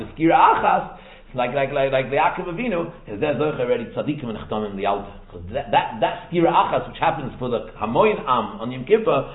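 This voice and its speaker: Animated rabbi on a tinny line. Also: male voice, medium pitch. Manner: animated, rapid, rhetorical questions, repeats phrases. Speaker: rabbi teaching Torah. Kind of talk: Torah lecture mixing English and Hebrew-Yiddish terms. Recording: echoey room over a tinny phone-like line.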